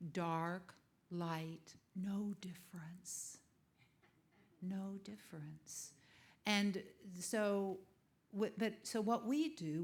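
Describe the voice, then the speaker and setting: A woman giving a conversational sermon, asking the congregation questions and dropping to soft whispers for emphasis. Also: on the low side. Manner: laughs easily, asks the congregation questions. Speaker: guest speaker.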